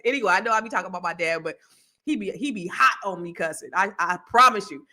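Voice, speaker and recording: A woman hosting a podcast, talking in a casual, animated monologue full of asides and storytelling. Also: medium pitch, brisk. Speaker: podcast host.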